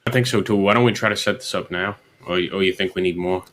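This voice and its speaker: Western roleplayer, man, bright forceful voice, folksy and pushy. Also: deep voice, fairly even intonation, fast talker. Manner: folksy, profane, persuasive. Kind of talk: in-character roleplay chat.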